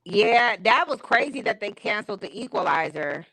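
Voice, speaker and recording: A woman's voice: medium pitch, expressive, moderate pace, pushed and bright, no room sound, rough recording. A woman hosting a live stream, chatting casually in a candid, opinionated way with slangy everyday talk. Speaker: stream host. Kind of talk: casual chat. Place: home streaming setup.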